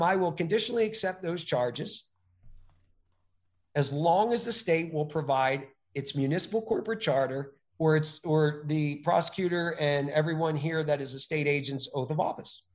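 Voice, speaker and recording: Man, podcast guest, emphatic, lively up-and-down delivery, slightly muffled lo-fi audio. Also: on the high side. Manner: animated, emphatic, acts out quoted exchanges. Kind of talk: conversational interview.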